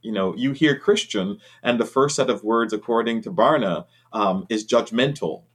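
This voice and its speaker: A man's voice: on the low side, normal speed, fairly bright tone. A man who is a bishop, answering interview questions in an earnest, conversational way with frequent ums.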